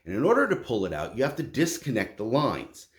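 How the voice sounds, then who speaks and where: A man's voice: medium pitch, huge pitch swings, fairly quick, roomy sound. A middle-aged man ranting bluntly and profanely as a tradesman vlogger, exasperated and dismissive.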